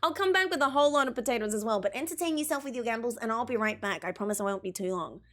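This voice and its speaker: A woman's voice: on the high side, lively intonation, very fast, fairly bright tone. A young woman chatting casually and emotionally while streaming a video game. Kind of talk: casual live-stream chat.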